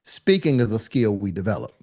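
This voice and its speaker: Energetic man coaching a live workshop. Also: fairly quick. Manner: high-energy, calls on attendees by name, call-and-response; casual colloquial delivery. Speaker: speaking coach. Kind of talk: live online workshop teaching.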